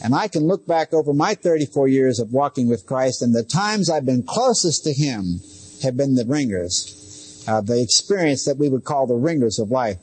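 Husky-voiced middle-aged pastor preaching. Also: male voice, medium pitch, a little mellow. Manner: conversational preaching with asides and direct questions to listeners. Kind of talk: sermon.

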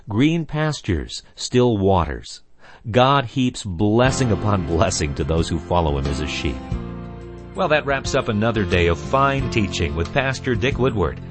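A man hosting a Christian radio program, closing the show in a warm, expressive announcer manner. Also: lowish voice, husky. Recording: music bed behind voice.

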